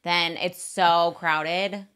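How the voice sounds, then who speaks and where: A woman guest chats casually on a podcast in a slightly low voice. She agrees readily and laughs easily. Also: steady tone, drawn-out words, a bit bright, smooth. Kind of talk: casual chat.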